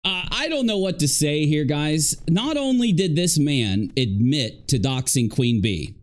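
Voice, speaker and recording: A man live streaming commentary, lively and emphatic, who repeats himself for stress. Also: on the high side, measured pace.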